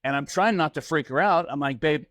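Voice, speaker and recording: A man's voice: on the high side, a little fast, fairly bright tone, no room sound, clean studio sound. Middle-aged man telling a home story. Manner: anecdotal, acts out family dialogue. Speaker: podcast co-host. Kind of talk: casual chat, storytelling.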